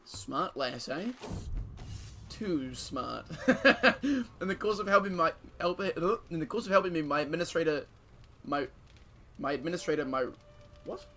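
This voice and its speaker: A man's voice: a little high, expressive, measured pace, long pauses, pushed and bright, a little hiss or hum. A man giving casual gameplay commentary, joking and swearing and reading game events aloud. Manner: casual, profane, joking banter with frequent laughter. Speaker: streamer.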